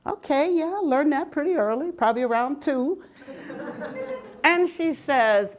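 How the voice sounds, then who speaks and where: An older woman telling stories from her working life, humorous and lively, often laughing. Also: high voice, slow. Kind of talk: personal storytelling talk.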